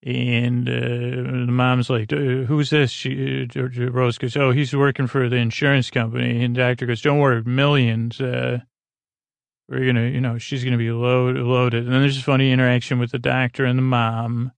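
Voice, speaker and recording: A man recapping a TV episode in a halting, rambling way, full of fillers and restarts, speaking softly. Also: mid-range voice, level tone, creaky, no room sound. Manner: halting, many fillers and restarts, paraphrasing dialogue. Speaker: podcast host.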